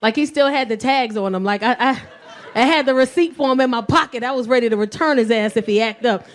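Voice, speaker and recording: A woman's voice: a little high, fast. A woman doing a stand-up comedy set on stage, telling brash, bawdy stories and acting out voices. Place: comedy stage before a live audience. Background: audience laughter.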